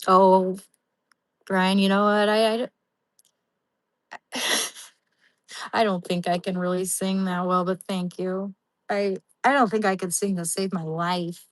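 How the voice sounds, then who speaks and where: A woman's voice: medium pitch, fairly even intonation, takes it slowly, long pauses, no echo, rough recording. Young woman livestream host, casual and rambling, talking to her chat. Dry, close sound. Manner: talks to chat viewers by name, rambling with many restarts.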